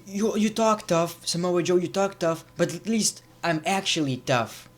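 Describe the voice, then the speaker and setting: A man's voice: high voice, measured pace, a little hiss or hum, voice pushed up. A man putting on the voice of a whiny grown man pleading with his father, in a wheedling, complaining tone.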